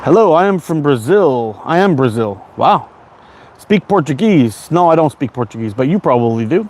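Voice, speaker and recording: A man's voice: on the high side, sing-song, moderate pace, a little mellow, slight background noise. A Canadian man in his forties hosting a casual livestream, rambling and chatting as he answers viewer comments. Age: 40s. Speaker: livestream host.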